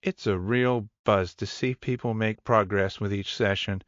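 A man's voice: fairly low pitch, fairly even intonation, measured pace, dry recording, close to an everyday voice. A man voicing an eager, chatty young male gym trainer who rambles enthusiastically, in a dull, dry audiobook recording. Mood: enthusiastic.

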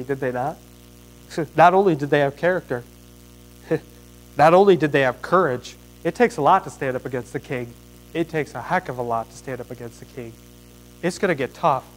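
Folksy high-voiced man preaching. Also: low-quality recording. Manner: folksy, animated storytelling with plain slang. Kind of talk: sermon.

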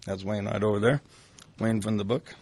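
A man's voice: on the low side, fairly even intonation, normal speed, darkish tone. An older man telling a personal story in a casual, rambling way, full of restarts.

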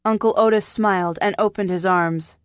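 A woman narrating a historical novel audiobook in a measured, even storytelling manner. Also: mid-range voice, no echo, clean studio sound. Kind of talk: scripted narration. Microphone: studio microphone.

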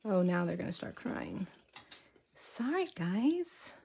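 A woman's voice: fairly low pitch, big pitch swings, takes it slowly, gravelly, warm tone, husky. A woman giving a casual live card-stamping tutorial from her home craft room. She is chatty and easily distracted, breaking off to talk to her viewers and her dogs. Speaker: stamping and card-making demonstrator.

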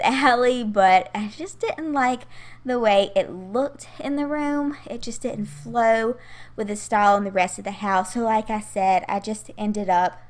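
A young woman, out of breath and heavily pregnant, chatting casually through a game build voiceover with lots of fillers and giggles. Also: medium pitch. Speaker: Sims gaming YouTuber.

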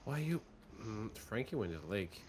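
A man's voice: on the low side, sing-song, moderate pace, a little hiss or hum. A man chatting casually during a game, rambling and joking, often trailing off mid-thought. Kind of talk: casual gaming chat.

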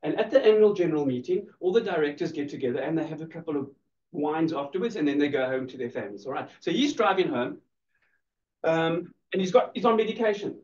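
A man delivers a lively law lecture, teasing his students and laughing along with them. His voice sits high for a man. He is heard from across an echoey room, and the recording sounds dull and lo-fi. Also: fast, distant mic. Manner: playful, teasing the audience, laughing often.

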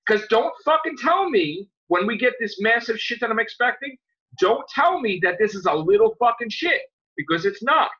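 Angry guy podcast host, bright husky voice swinging all over, cussing a lot, dull lo-fi audio. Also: very high voice, big pitch swings, normal speed. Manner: heated, profane, jumps to loud outbursts. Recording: dull lo-fi sound.

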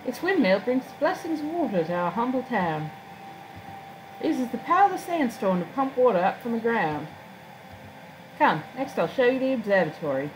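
A woman's voice: fairly high pitch, big pitch swings, moderate pace, slight background noise, pitched above the performer's own voice, poor audio. Woman reading a stiff, dutiful fantasy-town guide with formal, ceremonial diction.

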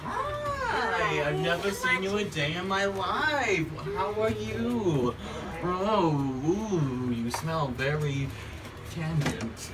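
A woman voicing a chaotic, reckless aunt babysitting kids, rambling erratically with dark jokes, in a comedy sketch. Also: fairly low pitch, big pitch swings, very slow, full character voice. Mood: gushing. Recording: echoey room, far from mic, loud noise.

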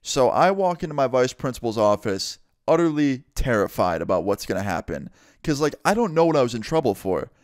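A man's voice: mid-range voice, sing-song, fairly quick, no echo, studio quality. A young man casually telling a story-time vlog, swearing freely and acting out the people in it. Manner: casual, swears a lot, acts out every voice. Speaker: vlogger.

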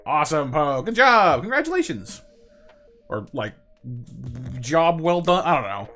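A man streaming a game with viewers, chatting casually, stumbling over and repeating words, and now and then yelping in high excitement. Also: measured pace, faint music behind. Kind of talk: casual live-stream chat over gameplay.

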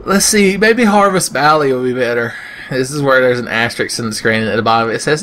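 A man's voice: medium pitch, animated, fairly quick, sharp tone, slight background noise. A man doing sarcastic, profane comedic commentary over gameplay, ranting and putting on silly voices. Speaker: gaming video host.

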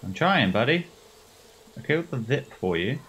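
A man's voice: medium pitch, big pitch swings, moderate pace, fairly bright tone, slight background noise. A man giving casual, sarcastic, joking commentary while playing a video game. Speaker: gamer.

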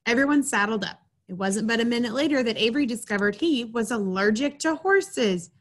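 A woman with a fairly high voice leads a children's program, reading a storybook and explaining a craft step by step. Her delivery is chatty and instructive, pitched at young listeners. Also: expressive, brisk.

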